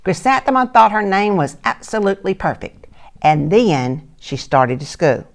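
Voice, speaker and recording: An older woman, a retired teacher, reading a picture book aloud to children and asking them gentle questions. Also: mid-range voice, big pitch swings, moderate pace. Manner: gentle, asks listeners soft questions.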